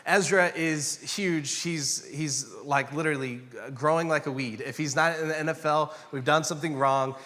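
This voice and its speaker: A man's voice: fairly high pitch, fairly even intonation, moderate pace, few pauses, pushed and bright. A man in his thirties, a pastor preaching a sermon, telling a family story in a conversational way with self-mocking humor and acted-out quotes. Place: church sanctuary. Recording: long hall reverb.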